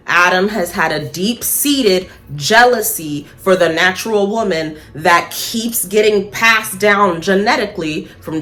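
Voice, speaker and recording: A woman talking casually and bluntly to camera, swearing freely, laughing at her own points and slowing down for emphasis. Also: lowish voice, bright, forceful tone. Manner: slows down for emphasis. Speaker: spiritual vlogger. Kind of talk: casual opinion monologue.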